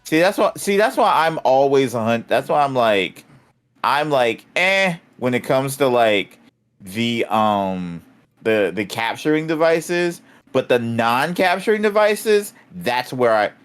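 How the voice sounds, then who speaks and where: A man co-hosting a casual podcast, relaxed and jokey, often affirming others. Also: medium pitch, a little slow, clear, resonant tone. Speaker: podcast co-host. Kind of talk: casual chat.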